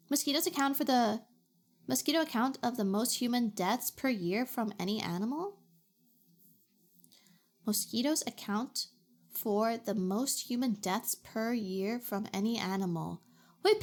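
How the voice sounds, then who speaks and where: A young adult woman streamer from Canada, chatting playfully and reacting to her chat. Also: fairly high pitch. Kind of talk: casual chat.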